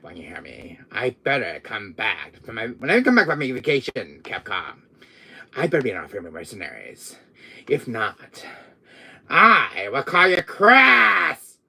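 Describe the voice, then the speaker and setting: A man's voice: deep voice, gravelly, pushed and bright, slightly rough, heavily acted. A man playing a vain, menacing male game villain who boasts, curses and slips into whispers during a live stream. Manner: boastful, cursing, drops into whispers. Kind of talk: in-character live stream, toy pick-up.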